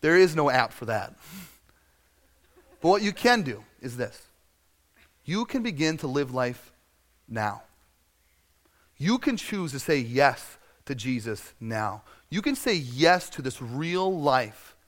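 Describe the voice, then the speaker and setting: A man preaching a sermon in a conversational, storytelling way, acting out scenes and sometimes shouting for effect. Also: mid-range voice, sing-song, takes it slowly, long pauses. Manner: conversational and self-deprecating, with frequent fillers. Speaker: pastor.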